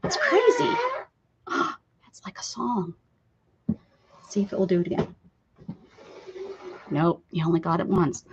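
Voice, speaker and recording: A woman's voice: medium pitch, huge pitch swings, a little slow, long pauses, slight background noise. A woman hosting a casual art livestream, chatting and teasing herself while she crafts. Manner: chatty, giggly, self-teasing. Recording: dull lo-fi sound.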